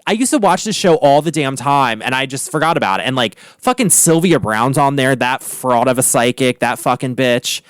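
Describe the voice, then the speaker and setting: Casting: chatty, gossipy man, cursing freely, smooth resonant voice, dry close sound. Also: medium pitch, moderate pace, hardly any pauses, dry recording. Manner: chatty and profane, gossipy, animated asides. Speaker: vlogger, artist. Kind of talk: casual chat. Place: home art studio.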